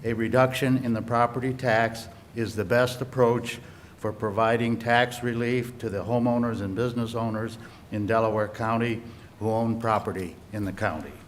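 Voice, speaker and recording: A man, a county auditor, giving formal testimony in a measured, prepared way. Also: mid-range voice, slight background noise. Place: county meeting room.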